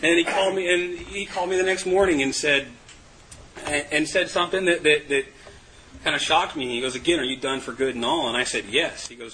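A man's voice: fairly high pitch, steady tone, a little fast, bright, forceful tone, slight background noise, poor audio. A man giving a candid, self-mocking personal testimony to a group, laughing often. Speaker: recovery meeting speaker.

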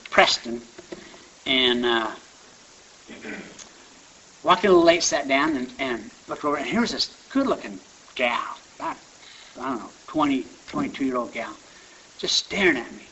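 A man's voice: medium pitch, bright, forceful tone. A man giving a rambling, conversational personal testimony at a recovery meeting. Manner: conversational, rambling with restarts and asides. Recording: dull lo-fi recording with faint hiss.

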